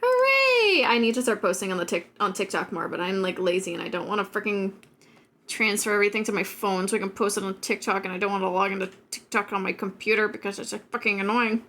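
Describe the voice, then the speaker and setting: A woman's voice: mid-range voice, steady tone, fast talker, a bit bright, slight background noise. A woman streamer chatting casually on a live stream, giggly and rambling with lots of filler words.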